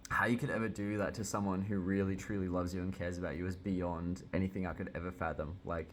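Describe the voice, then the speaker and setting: A man's voice: low-pitched, level tone, fast talker, slight background noise. A man giving a casual reaction review of a manga chapter, getting worked up and swearing often as he reads along.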